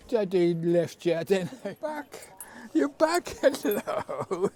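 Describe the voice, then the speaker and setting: A British man vlogs casually from his camper van at a campsite, chatting away and doting on his dog as he talks to it. His voice is high-pitched and darkish in tone, very animated, though a little slow.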